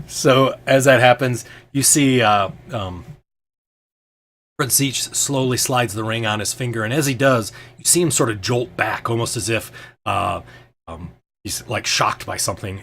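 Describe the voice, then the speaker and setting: A man's voice: lowish voice, a bit bright, slight background noise. A man narrating as game master of a tabletop game, hesitant and full of ums and restarts.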